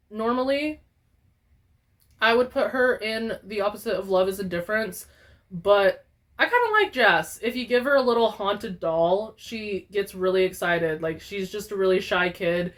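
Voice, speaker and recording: Young woman vlogging about a game, swears a ton, loud animated rant, mid-pitched voice. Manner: profane, animated, exaggerated ranting. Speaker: gaming YouTuber. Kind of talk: casual ranting vlog.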